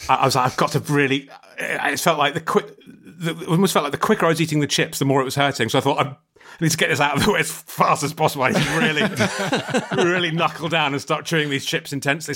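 A man's voice: fairly high pitch, pushed and bright. A man telling a comic story in casual chat, rambling with stammered restarts. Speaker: comedian, podcast guest.

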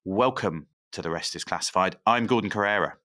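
A man co-hosting a podcast, with a bright, crisp voice sitting a little low in pitch. He speaks in a measured way and adds dry, wry asides. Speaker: podcast co-host. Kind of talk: conversational podcast chat.

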